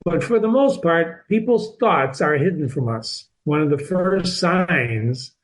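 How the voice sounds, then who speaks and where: A man's voice: fairly high pitch, poor audio. A man hosting a reading lesson who explains a novel step by step, repeating and restarting words as he stresses key points. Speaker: literature teacher and channel host.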